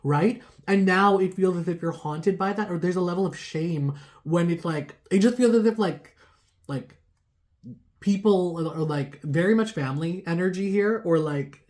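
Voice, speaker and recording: A woman's voice: on the low side, moderate pace, a little mellow. A woman giving a casual tarot reading to her viewers, rambling with lots of "like" fillers and laughing at herself. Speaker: tarot reader.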